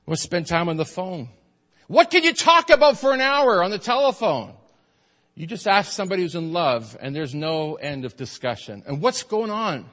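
A middle-aged man preaching a sermon as pastor, conversational and animated, asking his congregation questions and laughing often. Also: fairly high pitch, big-room sound. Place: church.

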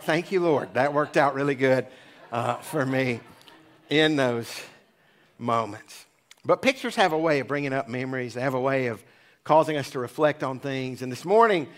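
His voice is on the high side and a little bright. The forties-aged pastor keeps his church sermon casual and jokey, chatting along with humorous asides in the sanctuary.

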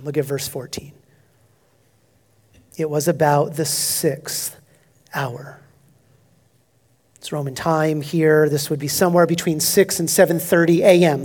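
This male pastor's expository preaching is emphatic, shifting between booming declarations and quiet asides that drop nearly to a whisper. His pitch is fairly high.

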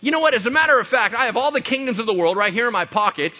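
A persuasive male devil with a coaxing, overly friendly pitch, voiced by a preacher mid-sermon. He talks loud and high, leaning hard on every offer. The recording sounds dull and lo-fi. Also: lively intonation, very fast, exaggerated voice. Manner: coaxing, pushy, casual. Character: smooth-talking tempting devil, male.

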